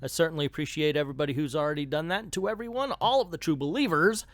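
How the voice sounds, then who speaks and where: A man's voice: fairly high pitch, rapid-fire, no echo, clean studio sound. A man hosting a comic book video, chatting with viewers in an upbeat, loose way with plenty of fillers. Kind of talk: casual chat to viewers.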